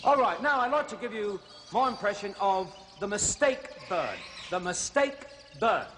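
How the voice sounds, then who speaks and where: A man's voice: high-pitched, very animated, a little slow, a bit bright, slight background noise, heavily acted. An actor playing a cheerful male zoo host who talks chattily and folksily straight to young viewers. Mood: chatty.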